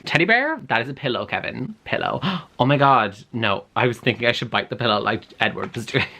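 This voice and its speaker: A young man chatting casually in a reading vlog, animated and dramatically exasperated. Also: medium pitch, fairly quick, creaky. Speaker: book vlogger.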